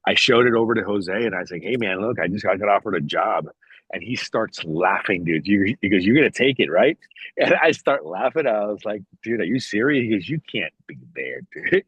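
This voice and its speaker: A man with a low, husky voice tells a long, rambling story in casual podcast talk, swearing freely and acting out both sides of old conversations. The sound is dry and close, but a little dull. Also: dry recording. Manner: profane, rambling, quotes others in dialogue. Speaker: podcast guest.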